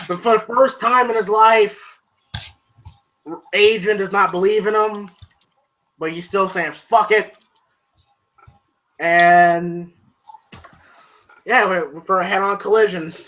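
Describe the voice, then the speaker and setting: A man with a fairly high, bright voice rambles through a movie recap, stopping often on filler words. The recording is dull and lo-fi. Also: a little hiss or hum. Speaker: movie reviewer. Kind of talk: casual podcast chat. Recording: dull lo-fi sound.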